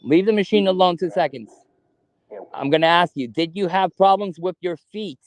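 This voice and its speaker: A man, slowly asking spirits questions during a ghost hunt in a cemetery. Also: high-pitched, no echo. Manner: slow, coaxing questions with long pauses. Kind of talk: paranormal investigation, talking to spirits. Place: cemetery at night.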